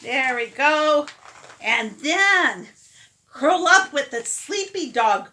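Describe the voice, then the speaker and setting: A woman's voice: high-pitched, animated, slow, sharp tone, a little hiss or hum. A mother reading a picture book aloud to her toddlers, coaxing and playful, inviting them to join in.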